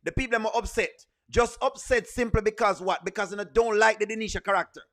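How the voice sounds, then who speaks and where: A man's voice: high-pitched, fast talker, fairly bright tone. A man hosting a reaction video, scolding emphatically and repeating his points. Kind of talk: reaction commentary.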